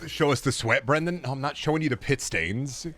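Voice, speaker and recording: A man's voice: medium pitch, brisk, fairly bright tone. A young man streaming games, chatting casually with sarcastic, profane rants. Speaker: gaming streamer.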